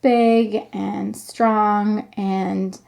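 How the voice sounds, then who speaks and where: A woman's voice: mid-range voice, flat delivery, very slow, creaky, a little mellow. A woman podcast host chatting enthusiastically and reading a novel aloud.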